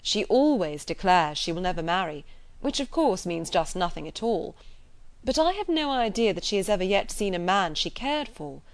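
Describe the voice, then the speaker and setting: A woman reading the part of a grave, frank middle-aged gentleman in an audiobook, in a firm, measured way. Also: fairly low pitch, sing-song. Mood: earnest.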